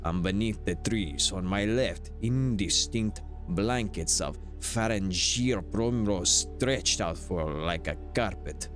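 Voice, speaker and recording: A man doing a hammy mock-Italian cook reads the dialogue in a lowered, near-whispered voice. The accent is broad and playful, the delivery slow and theatrical, sitting deep in the register. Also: soft background music. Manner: low, hushed, theatrical reading. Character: Italian-accented male cook narrating the game.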